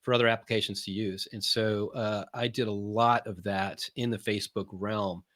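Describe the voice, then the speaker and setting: A man speaking as a podcast guest about his marketing business, talking casually, often pausing on fillers and restarting sentences. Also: on the low side, fairly even intonation, a bit bright, no echo, studio quality. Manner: halting, many fillers and restarts; explains in plain, loose terms.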